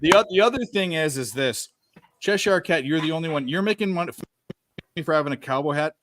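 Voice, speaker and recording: A man's voice: on the high side, expressive, brisk, heavy background noise. A man co-hosting a sports betting stream, talking casually and profanely, repeating words as he starts sentences. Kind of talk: casual chat.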